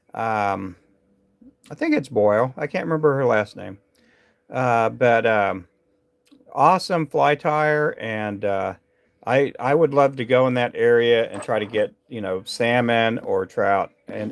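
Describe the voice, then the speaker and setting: A man with a gravelly, creaky voice talks to viewers on his live stream. He rambles from thought to thought with lots of fillers and false starts as he works at his tying bench indoors. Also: mid-range voice, unhurried. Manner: rambling, chatty, many fillers and restarts. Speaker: livestream host tying fishing jigs.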